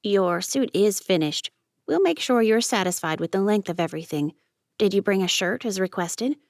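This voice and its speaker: Lady reading as a fussy chatty seamstress, bit gravelly, dry close sound. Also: mid-range voice, expressive, moderate pace, a little mellow, dry recording, natural voice. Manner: bustling, apologetic, chatty. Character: fussy chatty middle-aged seamstress woman.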